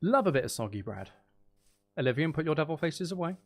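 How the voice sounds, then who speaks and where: A man's voice: fairly high pitch, big pitch swings, a little fast. A man streaming a video game, chatting to his viewers in a loose, rambling way. He jokes and mocks himself as he plays. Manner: playful, self-mocking, jokey. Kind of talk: casual chat while live-streaming a video game.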